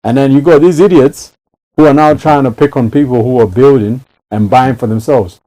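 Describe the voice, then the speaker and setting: A man speaking in a mellow, dark voice at an ordinary pitch, talking in a relaxed conversational way. He is emphatic and often repeats his words for effect, like a host in a casual chat. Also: moderate pace, low-quality recording.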